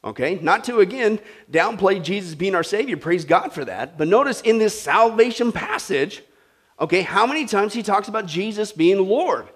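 Male pastor, sermon to a live congregation, high voice, lively swoops. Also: moderate pace, slightly rough. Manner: animated preaching, asks the congregation questions.

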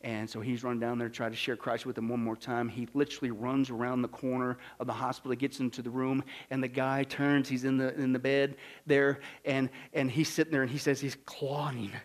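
A male pastor preaching a sermon, swinging from hushed, low lines to loud, emphatic ones. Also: flat delivery, brisk, few pauses.

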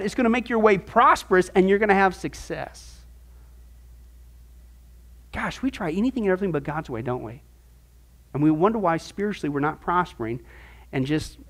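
A man teaching a Bible discipleship class as pastor, firing off rhetorical questions with folksy asides. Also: high voice.

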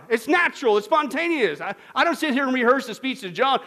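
A pastor delivering a lively sermon, his voice sitting high for a man. He keeps it humorous and animated, throwing questions at the congregation and acting out small scenes to make his point. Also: fairly quick, few pauses.

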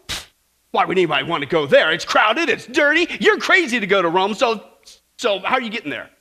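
A man's voice: high-pitched, big pitch swings, brisk, pushed and bright, heavily acted. Man putting on a sneering complaining hairdresser lady. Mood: scornful. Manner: scornful, nagging rant. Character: sneering, sarcastic woman hairdresser who complains.

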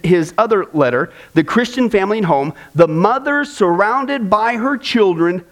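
A man leads a church discipleship class in a loose, conversational way. His voice sits high for a man, and he stumbles through fillers and repeated words. He drifts into lively personal stories, acting out the voices. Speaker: Bible class teacher.

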